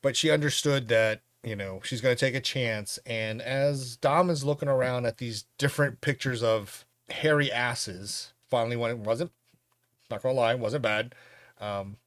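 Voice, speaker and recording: Animated man recapping a film. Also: medium pitch, normal speed, no echo. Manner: animated, laughing storyteller. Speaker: podcast host reviewing a film. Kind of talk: casual plot recap.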